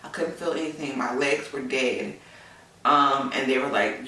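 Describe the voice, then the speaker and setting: A woman's voice: rumbling low, fairly even intonation, unhurried, sharp tone. A woman candidly telling a personal story in a chatty way, with many fillers. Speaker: vlogger, new mother. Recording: echoey room, mic at a distance.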